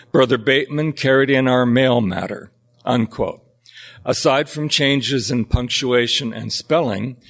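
A man reading historical journal entries and documents aloud in a measured, deliberate way, with occasional slips. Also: mid-range voice, vocal fry. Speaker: history narrator.

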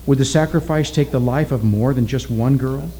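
A man narrating a story aloud in a steady, deliberate reading style. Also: medium pitch, poor audio.

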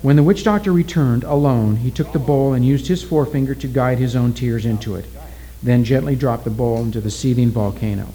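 A man narrating a story aloud in a steady, deliberate reading style. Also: mid-range voice, rough recording.

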